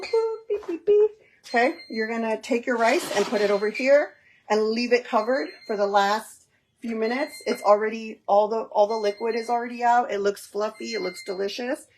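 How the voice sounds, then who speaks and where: A woman's voice: mid-range voice, poor audio. Chatty lady cooking live in her kitchen, talks to viewers, tosses in spanish words, faint noise behind. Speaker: cooking livestream host. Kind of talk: casual live cooking stream. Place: home kitchen.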